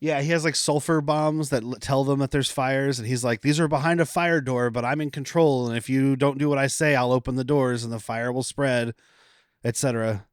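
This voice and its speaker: A man rambles through a movie plot with jokes as he co-hosts a podcast. His voice is medium in pitch and sounds close and dry, with almost no room echo. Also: fairly even intonation, fairly quick, clear, resonant tone. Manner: rambling, joking plot retelling. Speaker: podcast co-host. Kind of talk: casual comedic movie recap.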